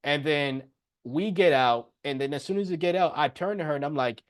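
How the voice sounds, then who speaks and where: A young man hosting a podcast, telling a personal story in a casual, animated way and often laughing as he talks. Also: a little fast. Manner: animated, jumps into higher voice when quoting himself. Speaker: podcast host.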